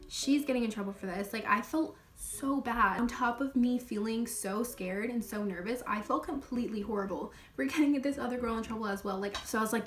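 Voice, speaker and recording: A woman's voice: fairly high pitch, a little fast, hardly any pauses, distant mic. A young woman animatedly retelling a school story on her vlog, with swearing and lots of "like". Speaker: vlogger.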